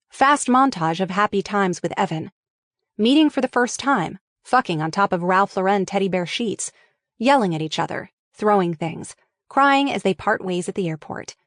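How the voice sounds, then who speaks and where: A woman reading a screenplay aloud, running through the stage directions briskly. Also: mid-range voice, animated, no echo, clean studio sound. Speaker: reader.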